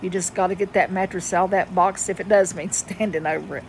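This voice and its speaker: A woman's voice: fairly low pitch, fairly even intonation, fast talker, darkish tone, a little hiss or hum, rough recording. A woman telling a story in a folksy, chatty way, laughing often, then moving into reflective life advice. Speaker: vlogger. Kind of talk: casual storytelling monologue.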